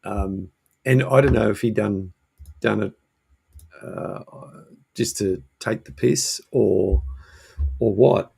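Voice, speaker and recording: Low, gravelly man host, husky, halting casual chat. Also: dark tone. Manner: hesitant, lots of ums and restarts. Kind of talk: casual live-stream chat. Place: home shed.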